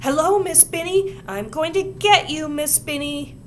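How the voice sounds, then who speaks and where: A woman voicing a rowdy little girl in a witch costume, shouting loud and gleeful in a storybook reading. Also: high-pitched, a little slow, slight background noise, pitched above the performer's own voice.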